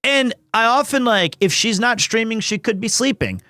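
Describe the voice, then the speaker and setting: A man's voice: very high-pitched, expressive, normal speed, sharp tone, no echo. A man in his thirties chatting casually on a live stream, rambling, restarting his sentences and chuckling as he jokes. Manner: rambling, self-interrupting, chuckles often; jokey and teasing.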